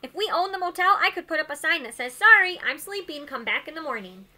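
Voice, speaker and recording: A woman's voice: sits high, animated, quick pace, sharp tone, voice pushed up, full character voice. Woman reading as a tired, wistful dad. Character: tired, overworked father, middle-aged.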